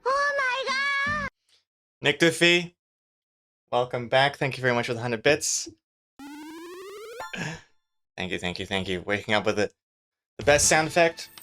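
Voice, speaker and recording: A man's voice: medium pitch, animated, moderate pace, long pauses, background noise. A man chatting loosely on a live stream as he works on his comic, rambling and joking with many fillers. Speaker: webcomic artist streaming his drawing. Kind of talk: casual live-stream chat.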